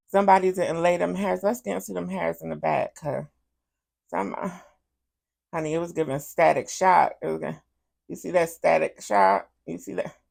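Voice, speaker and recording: Sassy woman with a gravelly edge. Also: lowish voice. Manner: sassy, repeats questions, calls viewers honey. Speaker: livestream host. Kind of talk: casual livestream commentary.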